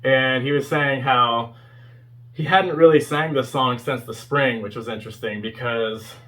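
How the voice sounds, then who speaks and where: A young man in his twenties speaks with a bright, forward voice at a middle pitch. He talks casually and rambles, filling his review with ums, you-knows and small chuckles. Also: steady tone, measured pace. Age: 20s. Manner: rambling, heavy with fillers and chuckles. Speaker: fan video host reviewing a concert performance.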